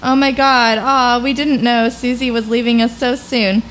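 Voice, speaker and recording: A woman's voice: fairly high pitch, level tone, moderate pace, a bit bright, a little hiss or hum, poor audio. A woman co-host on a casual podcast, reading fan messages steadily, with dry quips.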